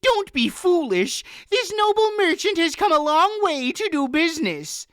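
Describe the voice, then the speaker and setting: Shrill greedy farmer's daughter. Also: male voice, very animated, measured pace, a bit bright, no room sound, clean studio sound, exaggerated voice. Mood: snappish. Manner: shrill, snapping.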